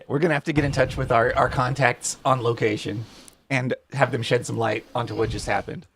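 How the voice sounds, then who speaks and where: A man co-commentating a curling match, breaking down shots with dry, deadpan asides. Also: medium pitch, a little fast, husky. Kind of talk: live sports commentary.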